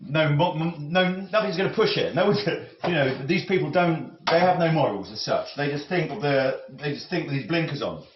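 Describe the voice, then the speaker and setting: A man rambling and musing as he cooks, with many halting restarts and self-corrections. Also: on the high side, lively intonation. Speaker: cooking vlogger. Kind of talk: rambling talk while cooking. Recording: roomy, slightly dull audio with faint noise.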